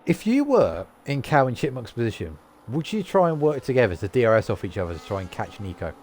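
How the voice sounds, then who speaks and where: Animated male sim-racing commentator from the UK. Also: mid-range voice, fast talker, a little hiss or hum. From United Kingdom. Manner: lively, chatty, reads out lap times. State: tired. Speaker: race commentator.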